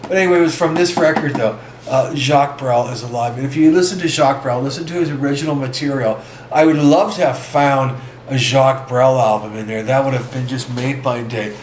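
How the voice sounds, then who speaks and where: A man hosting a casual vlog, talking in a rambling, halting way with many restarts. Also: mid-range voice. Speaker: vlog host. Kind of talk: casual record-collecting vlog. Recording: echoey room with faint ambient noise.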